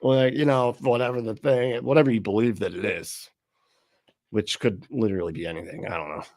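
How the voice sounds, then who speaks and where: A man's voice: lowish voice, a little fast, a little mellow, no echo. A man hosting a livestream, reacting to clips with sarcastic, swearing commentary and frequent laughs. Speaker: livestream host.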